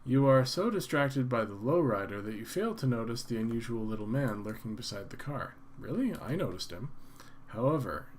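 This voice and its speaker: A man's voice: medium pitch, animated, moderate pace. A man hosting a gaming channel, reading the game's text aloud with playful, amused asides.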